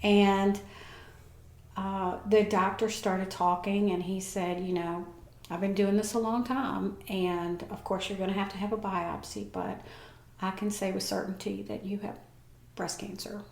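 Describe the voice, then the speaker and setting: Animated woman telling her story, echoey room. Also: medium pitch, unhurried, vocal fry. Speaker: guest. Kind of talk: personal storytelling in a podcast interview.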